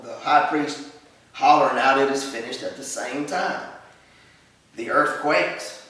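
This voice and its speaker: A man's voice: medium pitch, a bit bright. Man teaching, echoey and distant. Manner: vivid, storytelling delivery with fillers and acted quotes. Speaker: Bible teacher. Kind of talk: Bible lesson storytelling.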